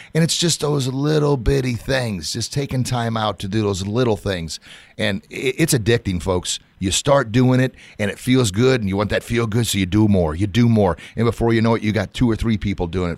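A man's voice: on the low side, dry recording. A man hosting a podcast, telling stories in an earnest, casual way and laughing now and then. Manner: earnest storytelling, laughs often. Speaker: podcast host, martial arts school owner. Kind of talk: casual conversation.

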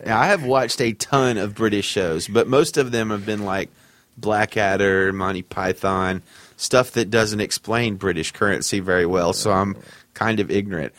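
A man's voice: fairly low pitch, fairly bright tone, no echo. A man co-hosting a podcast, teasing and joking in casual chat. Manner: joking, quick to tease. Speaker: podcast co-host.

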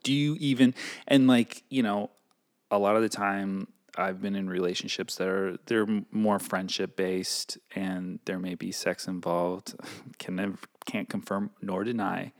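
A man's voice: sits low, steady tone, unhurried. A man co-hosting a podcast in a casual, rambling way, laughing often and slipping into goofy voices. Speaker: podcast co-host. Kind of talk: casual chat.

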